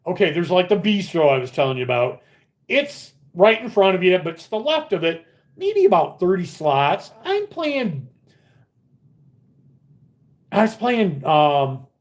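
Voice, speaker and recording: Middle-aged guy rambling on a live stream from a casino, swears a lot, voice jumps all over. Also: high-pitched. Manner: animated, swearing storyteller. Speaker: slot channel host. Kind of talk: casual live-stream chat. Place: casino upstairs area.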